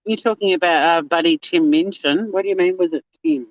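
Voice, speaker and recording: A chatty livestream host talking loosely to viewers, cursing freely and laughing along. The voice sits at a middling pitch. The sound is dull and lo-fi, close and dry. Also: brisk, no echo. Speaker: livestream host reading chat. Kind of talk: casual live chat.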